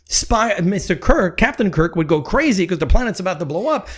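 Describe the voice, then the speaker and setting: A man talking as a guest on a podcast, animated and emphatic, often repeating his points. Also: sits high, a little fast, hardly any pauses. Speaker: podcast guest, real estate executive. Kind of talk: podcast conversation.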